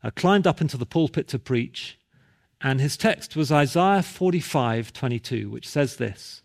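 A man's voice: a little high, lively intonation, unhurried, darkish tone. A male pastor preaching a sermon, telling a story and building to emphatic repeated calls.

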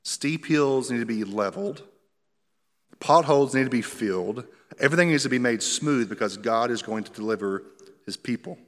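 A man's voice: medium pitch, animated, normal speed. Man preaching in a reverberant hall. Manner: conversational, explains scripture line by line with light humor. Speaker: pastor. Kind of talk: expository sermon.

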